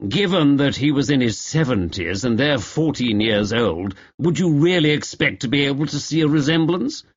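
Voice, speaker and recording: A man's voice: medium pitch, expressive, moderate pace, breathy edge, dull audio, pitched above the performer's own voice. A man voicing an acid, scornful man who makes cutting remarks.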